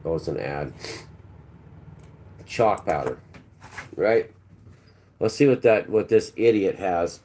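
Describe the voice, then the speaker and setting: A man's voice: sits low, lively intonation, slow pace, pauses often, darkish tone, slight background noise. A man hosting a livestream, delivering a preachy, combative monologue and talking back to his chat. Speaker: livestream host.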